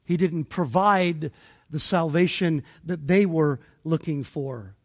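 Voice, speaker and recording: Slow, high-voiced male preacher. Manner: deliberate, emphatic preaching with pauses. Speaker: pastor. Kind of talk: expository sermon.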